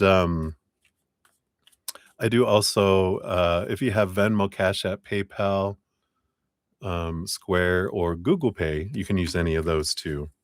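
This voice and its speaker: A man hosting a live tarot stream, greeting viewers by name, laughing often and muttering quiet asides. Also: low-pitched, no room sound, studio quality. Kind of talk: casual live-stream chat.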